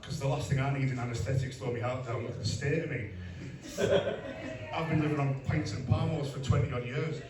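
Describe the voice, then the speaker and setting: A man's voice: mid-range voice, steady tone, fairly quick, background noise. A middle-aged man doing a stand-up comedy set, blunt and self-mocking, with asides to the crowd. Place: comedy club stage with live audience. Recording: roomy club sound from a distance, crowd laughter.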